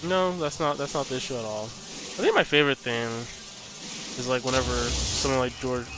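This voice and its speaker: A man's voice: medium pitch, normal speed. A man streaming a game live, chatting in a sarcastic, ranting way. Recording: background noise.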